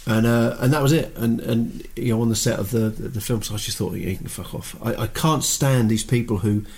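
A man's voice: medium pitch, steady tone, fairly quick, darkish tone, breathy edge. A middle-aged man chatting bluntly on a podcast, swearing freely and rambling through anecdotes. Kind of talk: casual chat.

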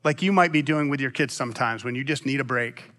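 A man preaching a sermon as pastor, long-winded and animated, with frequent restarts. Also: mid-range voice, fast talker.

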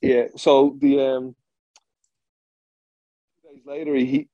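A man's voice: mid-range voice, completely flat delivery, takes it slowly, dry recording, highs cut off. A man who played professional football, telling a story in an interview, blunt and swearing freely, with lots of restarts.

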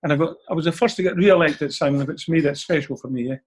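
A man's voice: a little high, fast talker, husky. An older man with a Scottish accent, an interview guest telling anecdotes in a chatty way and ending phrases with a questioning "eh?". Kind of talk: anecdotal storytelling.

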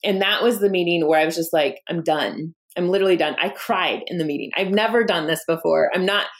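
Woman founder, 30s, candid and lively in interview, slips into quoted voices. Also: fairly low pitch, a little fast. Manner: animated, acts out quoted dialogue, laughs often. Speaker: founder and guest.

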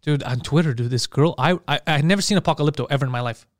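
A man from Montreal who hosts a podcast, telling stories in fast, profane, exasperated casual chat with a fellow comedian. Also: mid-range voice, no room sound, clean studio sound. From Montreal, Canada. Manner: rapid, profane, exasperated storytelling.

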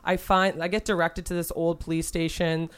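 Woman, lowish voice, casual storytelling, animated, swears a lot. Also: moderate pace, clear, resonant tone. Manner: animated, swearing, acts out quotes. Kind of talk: casual chat.

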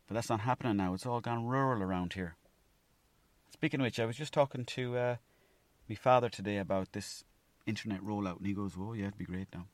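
Low-voiced Irish man rambling. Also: a little fast, no room sound. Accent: Irish, from Mayo. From Ireland. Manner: animated storytelling, acts out his own thoughts; swears freely. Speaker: podcast host. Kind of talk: rambling solo monologue.

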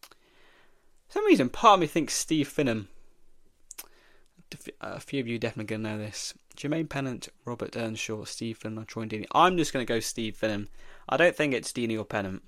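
Male host, young, mid-pitched, dry recording; muses his way through a play-along quiz. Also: a bit bright, no echo. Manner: thinks aloud, reading questions and guessing. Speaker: podcast host. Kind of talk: solo football quiz podcast.

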